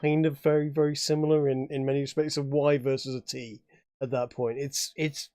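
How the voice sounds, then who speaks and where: A man's voice: mid-range voice, little pitch movement, fairly quick, mellow, no echo, studio quality. A man from England chatting as a player in a tabletop game, rambling with many restarts and fillers. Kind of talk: casual chat at a tabletop game.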